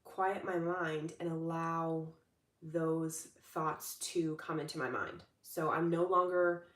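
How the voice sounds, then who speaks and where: A chatty, upbeat young woman with a fairly low voice, coaching her audience in a relaxed, rambling way. She sits some distance from the mic, so her voice carries a roomy echo. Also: slow. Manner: chatty, upbeat, many fillers and restarts. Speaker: manifestation coach. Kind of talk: casual livestream talk.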